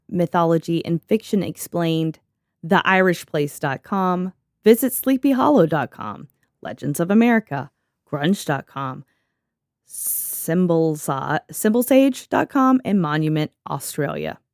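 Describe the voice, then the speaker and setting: A woman's voice: on the low side, lively intonation, measured pace, a little mellow, no echo, studio quality. A young woman co-hosting a podcast in a casual, joking way, reading from notes and laughing often. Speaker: podcast co-host.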